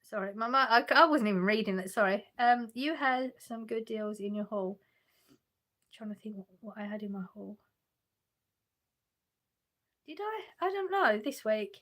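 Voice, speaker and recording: Her voice is a little high and somewhat bright, animated, at a moderate pace broken by long pauses. She's a livestream host on her home sofa, casually reading out chat messages and responding, laughing often and restarting frequently.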